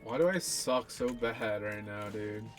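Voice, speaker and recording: A man's voice: on the low side, measured pace, soft background music. A young man casually talking through his own gameplay, rambling and self-deprecating, swearing now and then. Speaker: gaming channel host.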